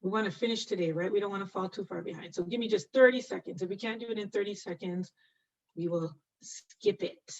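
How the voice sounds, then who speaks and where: Speaking a little fast in a mid-range voice, a middle-aged woman leads a live online anatomy lecture for nursing students. She's chatty, laughs frequently, and answers students by name. The mic is distant, dull, and lo-fi.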